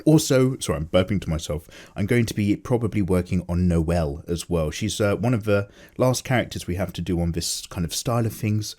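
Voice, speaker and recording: A man's voice: low-pitched, a little fast, hardly any pauses, a little mellow. A tired man rambling casually and jokily as the host of an unedited chat. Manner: loose, chatty, jokey, many fillers. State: tired, low energy. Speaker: artist and channel host.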